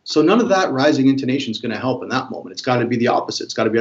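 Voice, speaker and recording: A man speaking briskly and energetically as a guest expert on body language, breaking into small acted-out examples as he explains. He sits at a middle pitch, and the audio is a little dull and muffled. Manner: energetic, animated, acts out examples. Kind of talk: explanatory interview talk.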